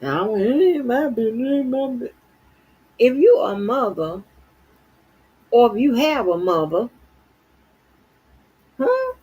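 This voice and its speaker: A middle-aged woman from Florida in casual, profane commentary, exasperated and swearing constantly as she swings from low mutters to high outbursts. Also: lively intonation, normal speed, long pauses, dark tone, breathy edge, poor audio. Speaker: streamer commenting on news.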